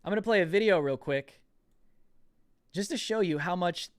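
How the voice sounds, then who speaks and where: A man's voice: high-pitched, normal speed, no echo, clean studio sound. Emphatic male podcast host. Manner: emphatic, repetitive, conversational. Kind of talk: commentary.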